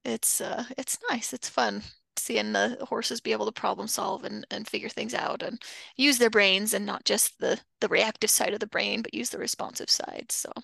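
Gravelly-voiced woman hosting a podcast. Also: medium pitch, normal speed, no echo. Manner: relaxed, easygoing. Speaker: podcast host and horse trainer. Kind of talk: casual podcast chat.

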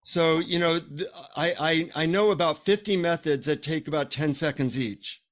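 A man's voice: on the high side, moderate pace. A man, a psychotherapist guest, telling humorous stories in a casual interview over a remote call. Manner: humorous, animated storyteller.

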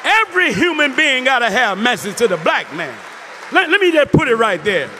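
A man's voice: very high voice, very animated, a little fast, pushed and bright, in a large hall, a little hiss or hum. A man, a Muslim minister, preaching to a live audience in an emphatic way and calling out to the crowd.

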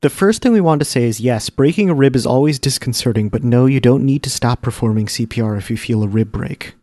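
A man's voice: medium pitch, fairly quick, warm tone, no room sound. A young man co-hosting a podcast, offering dry, matter-of-fact remarks in casual chat. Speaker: podcast co-host.

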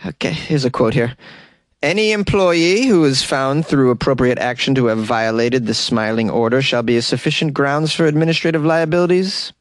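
A man's voice: medium pitch, moderate pace, dry recording, clean studio sound. A man hosting a casual comedic news commentary show, reading stories and cracking wry jokes, laughing at his own asides and stumbling over foreign names.

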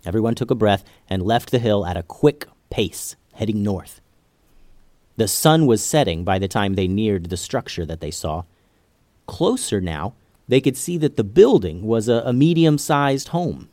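Low-voiced man telling a kids' story. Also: expressive, normal speed, darkish tone, no echo. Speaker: podcast host and storyteller. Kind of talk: children's story narration.

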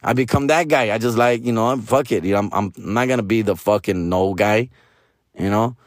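A comedian in his forties talking casually in a hoarse, raspy voice. He swears freely, drops Spanish slang, and keeps ending lines with "fool" and "bro". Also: lowish voice, a little fast, no room sound, studio quality. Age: 40s. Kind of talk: casual monologue.

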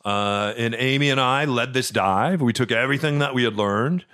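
A middle-aged man recounts a personal story on his podcast in an easy, chatty way. His voice sits at an ordinary pitch, and he stumbles over repeated words. He gets quiet and low when he is moved. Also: normal speed. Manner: chatty, repeats words when emotional, drops soft and low at tender moments. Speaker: podcast host. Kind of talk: casual storytelling.

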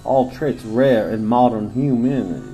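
A man's voice: mid-range voice, lively intonation, measured pace, dark tone, soft background music, rough recording. A man co-hosting a casual podcast, reading monster legends aloud in a crude, joking way and laughing often. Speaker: podcast co-host.

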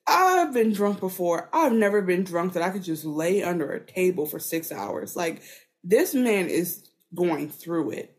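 A woman's voice: lowish voice, animated, unhurried. A woman co-hosting a podcast, chatting casually in a rambling, profane way full of filler words. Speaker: podcast co-host. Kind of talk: casual chat.

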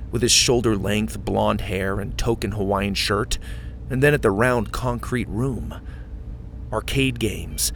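A man reading a scripted story aloud as narrator, with a steady storytelling delivery. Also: mid-range voice, a little hiss or hum.

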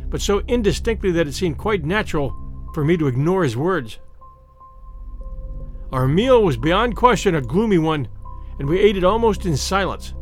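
Casual: guy reading a spooky old story, highish voice that moves around a lot, soft music underneath. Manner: measured, dramatic storytelling. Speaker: audiobook narrator. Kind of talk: scripted narration of a classic ghost story.

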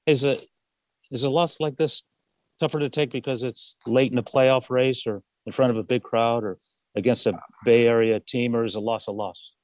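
A man's voice: mid-range voice, fairly even intonation, normal speed, a little mellow, no echo. A man, a reporter, asking rambling press questions with many restarts.

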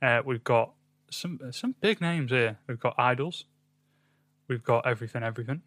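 A man's voice: medium pitch, moderate pace, a bit bright, no room sound. A man co-hosting a casual music podcast, rambling and hesitant, with lots of ums. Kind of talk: casual chat.

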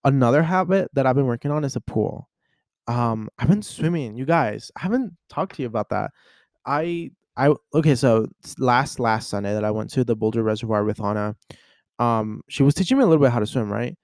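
A young man hosts a podcast in a casual chat, animatedly retelling a story and acting out the voices of the people in it. His medium-pitched voice moves fairly quickly, captured in studio quality with no echo.

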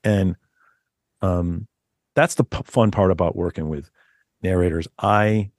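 A man's voice: low-pitched, unhurried, darkish tone, dry recording, clean studio sound. A man speaking as an author guest in a casual podcast interview, chatty and laughing often, with frequent restarts.

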